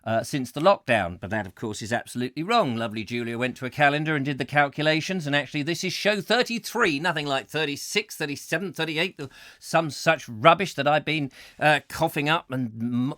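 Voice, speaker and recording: A man's voice: medium pitch, lively intonation, brisk, a bit bright, no room sound. A man hosting a comic chat show from a home studio, rambling and jokey with theatrical outbursts. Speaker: host. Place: home studio in a back room.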